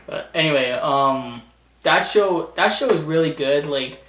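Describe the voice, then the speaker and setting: In an echoey room with a faraway mic and slight background noise, a Canadian vlogger ranks TV shows in a rambling, casual chat full of stammered restarts. His pitch is fairly high and a bit bright. He sounds animated but unhurried.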